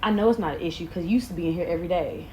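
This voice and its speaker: A woman's voice: lowish voice, rapid-fire, heavy background noise, lightly acted. A woman quoting a short, blunt woman gym manager who talks in a no-nonsense way.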